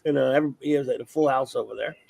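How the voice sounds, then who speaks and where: A man's voice: mid-range voice, rapid-fire, gravelly, darkish tone, slightly rough, dry recording. A man hosting a casual livestream, rambling as he reads off viewer names. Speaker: livestream host. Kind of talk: casual chat.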